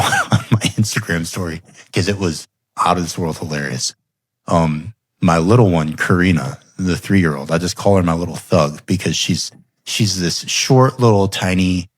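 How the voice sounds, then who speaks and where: A man's voice: deep voice, no room sound. A man hosting a podcast, telling family stories with laughs and growing animation. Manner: animated storyteller, laughs often. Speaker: podcast host. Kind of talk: casual storytelling conversation.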